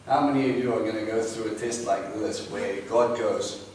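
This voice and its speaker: A man's voice: on the low side, fairly quick. A man preaching, telling a personal story and acting out both sides of the dialogue. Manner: animated, acts out both sides of conversations. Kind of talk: storytelling sermon. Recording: very echoey room, distant mic, faint hiss.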